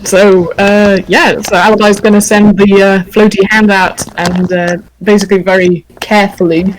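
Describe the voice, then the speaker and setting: A woman's voice: mid-range voice, flat delivery, moderate pace, slight background noise, low-quality recording. A woman talking as a player in a casual tabletop role-play session, chatty and easygoing.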